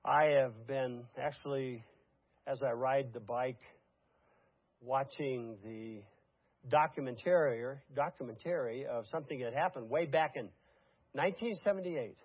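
A man's voice: mid-range voice, unhurried, no echo. An older man preaching a sermon to a congregation, building to emphatic peaks with frequent fillers, in a dull lo-fi recording. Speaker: pastor. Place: church congregation.

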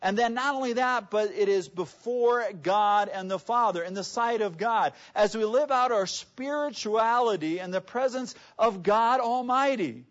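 A man's voice: high voice, unhurried, few pauses. A man preaching a sermon in a conversational way, often asking the audience rhetorical questions, in a dull lo-fi recording. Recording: dull lo-fi sound.

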